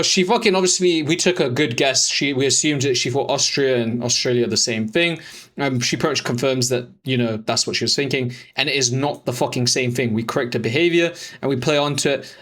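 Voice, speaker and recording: Swearing freely and mocking as he goes, a young man speeds through chat screenshots, narrating how he handles dating for his viewers. He's a dating coach with a mid-pitched, slightly bright voice and a rapid-fire delivery.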